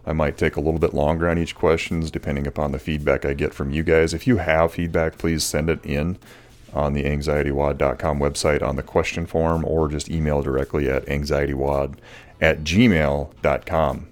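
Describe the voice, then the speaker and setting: In an extremely low voice at a moderate pace, a man hosts a solo podcast. His talk is relaxed and rambling, with frequent fillers and restarts, and he says people find his voice soothing.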